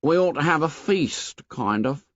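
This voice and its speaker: A man voicing an anxious, fussy schoolboy who talks in rough grammar and is eager to please. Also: a little high, expressive, measured pace, dry recording, pitched above the performer's own voice. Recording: dull, dry studio audio.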